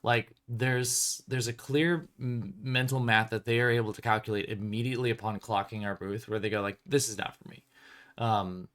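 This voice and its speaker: A man in casual livestream chat with an ordinary mid-range pitch. He rambles loosely, leaning on "um" and "like" and breaking into laughs between thoughts. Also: fairly bright tone. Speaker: tabletop game publisher and show host.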